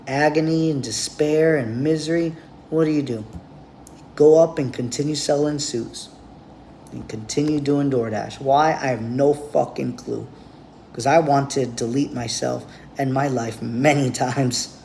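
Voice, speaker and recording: A man's voice: mid-range voice, unhurried, vocal fry, dark tone, a little hiss or hum. Blunt, foul-mouthed man ranting. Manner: blunt, profane, rambling. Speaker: vlogger. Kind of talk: direct-to-camera monologue.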